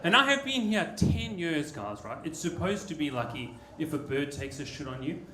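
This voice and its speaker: A man's voice: on the high side, sing-song, normal speed, bright, forceful tone. A man from South Africa with a South African accent performing a laid-back stand-up set at a comedy club, tagging lines with "you know" and "eh". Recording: echoey club with audience noise.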